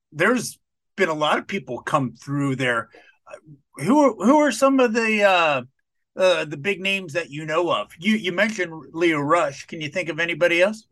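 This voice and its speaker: A male podcast host puts easygoing questions to his guest, often restarting mid-sentence. His voice sits high and sounds bright and sharp. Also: animated, normal speed. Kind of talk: casual interview questions.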